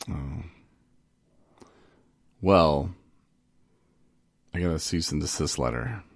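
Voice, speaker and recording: A man's voice: rumbling low, slow pace, creaky, dry recording, studio quality. A man co-hosting a casual podcast about recovery, joking and rambling, often cutting himself off mid-thought. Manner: joking, rambling, self-interrupting. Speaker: podcast co-host.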